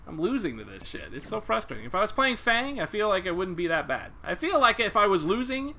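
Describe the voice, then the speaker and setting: Tired male streamer, high bright voice, lively swings, swearing, exasperated play-by-play. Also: brisk, a little hiss or hum. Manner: exasperated, swears often, laughs at himself. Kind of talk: live gameplay commentary.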